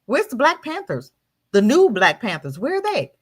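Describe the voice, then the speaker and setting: A woman's voice: a little high, huge pitch swings, normal speed, slightly rough. A woman guest on a talk show, speaking with fiery, preaching energy and firing off rhetorical questions. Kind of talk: impassioned commentary.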